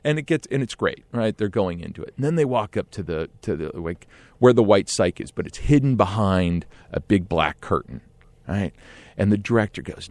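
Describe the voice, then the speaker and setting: A man telling a long anecdote as a podcast guest, animated and acting out other people's lines with hushed and loud voices. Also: sits low, a little fast, creaky, no echo. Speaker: guest storyteller.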